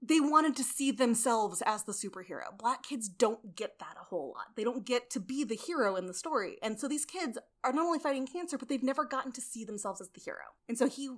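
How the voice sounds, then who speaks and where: A woman hosting a casual podcast, telling film history in a lively way and acting out quotes. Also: a little high, quick pace, hardly any pauses. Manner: animated storyteller acting out quotes. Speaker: podcast host.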